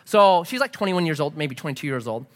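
A man's voice: on the high side, fast talker, in a large hall. A middle-aged man, a pastor, preaching a sermon and telling a story, acting out the voices of the people in it. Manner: animated, acts out quoted voices.

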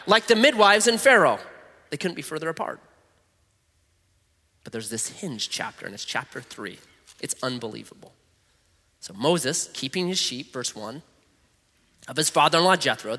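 Animated, bright-voiced man preaching. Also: medium pitch, in a large hall. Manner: animated, conversational, jokey asides. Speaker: pastor. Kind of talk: sermon with scripture reading.

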